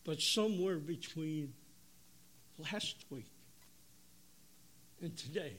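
A man, preaching an emotional testimony, swinging from loud bursts to hushed tones. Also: fairly high pitch, animated, slow. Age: 70s. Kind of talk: sermon testimony.

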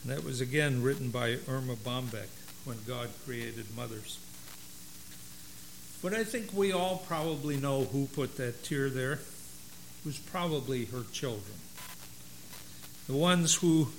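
A man preaching a sermon and reading a story aloud in a measured, storytelling way. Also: a little high, a little hiss or hum, poor audio. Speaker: pastor.

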